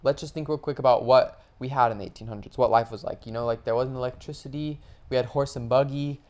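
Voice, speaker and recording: A man's voice: mid-range voice, fairly even intonation, fast talker, a little mellow. A man co-hosting a podcast in casual chat, blunt and opinionated with dramatic reactions. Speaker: podcast co-host.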